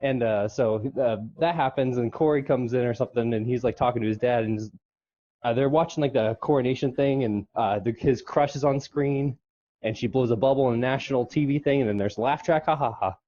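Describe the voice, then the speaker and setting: A man's voice: brisk, mellow, dull audio. A man casually recapping an episode on a podcast, rambling along with fillers. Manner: rambling, with squeaky falsetto when quoting characters. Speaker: podcast co-host.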